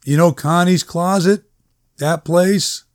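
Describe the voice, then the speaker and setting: A man's voice: high voice, slow pace, pitched above the performer's own voice. A man voicing an anxious, earnest woman who is a worried schoolteacher, in a story reading. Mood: earnest, fretful.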